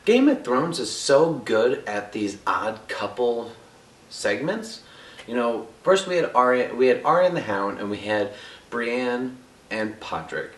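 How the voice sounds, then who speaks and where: A man's voice: mid-range voice, animated, measured pace, recorded from a distance, slight background noise. A man giving a casual, jokey TV episode review with crude asides, loose and chatty. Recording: echoey room, voice a bit off-mic.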